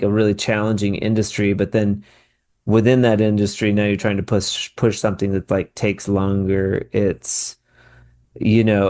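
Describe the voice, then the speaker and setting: A man's voice: lowish voice, a little mellow. A man hosting a podcast, chatting casually and joking with his guest. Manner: chatty, laughs often, jokes with guest. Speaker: podcast host. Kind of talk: casual conversation.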